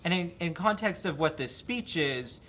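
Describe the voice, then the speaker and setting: A man's voice: on the high side, lively intonation, moderate pace, a bit bright, a little hiss or hum. A man hosting an educational theatre video, asking friendly prompting questions. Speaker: interview host.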